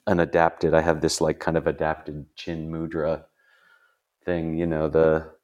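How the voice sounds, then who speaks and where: A man's voice: a bass voice, completely flat delivery, unhurried, a little mellow, dull audio. A man hosting a podcast in casual chat, rambling and self-deprecating, laughing often. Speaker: podcast host.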